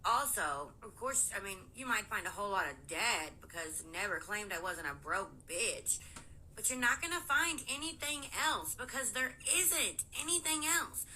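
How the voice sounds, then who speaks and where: A woman's voice: mid-range voice, lively intonation, normal speed, pushed and bright, slight background noise, rough recording. A woman in a video rant, defiant and challenging, daring others to dig into her past.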